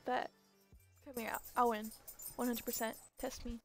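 A woman's voice: on the high side, level tone, normal speed, faint music behind. A young woman streaming a game live, chatting casually with viewers, giggling and stumbling over her words. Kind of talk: casual live-stream chat while gaming.

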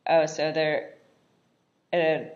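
Giggly woman with a low voice. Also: completely flat delivery, slow, darkish tone, dull audio. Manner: giggly, laughs often, chatty and irreverent. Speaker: vlogger reacting to a film. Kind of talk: casual live commentary while watching a movie.

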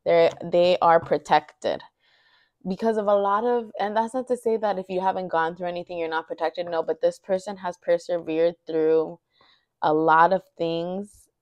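A woman's voice: on the low side, fairly even intonation, normal speed, darkish tone, no room sound, dull audio. A woman giving a casual intuitive tarot reading, thinking aloud and rambling with many fillers. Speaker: tarot reader.

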